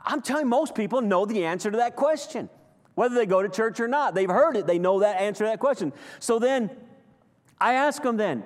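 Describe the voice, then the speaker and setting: Man, high voice, fervent pulpit preacher, long church reverb, loud-to-hushed swings. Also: lively intonation, fairly quick. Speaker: pastor. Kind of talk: sermon. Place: church sanctuary.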